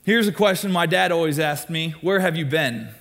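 A young man, a student ministry pastor, preaching a sermon and acting out questions people ask in lively raised voices. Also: on the high side, normal speed. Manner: animated, acts out quoted questions in raised voices.

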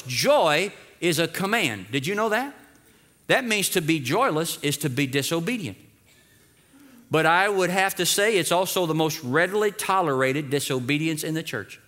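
A man preaching a lively sermon as pastor, urging the congregation to repeat phrases after him. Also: a little high.

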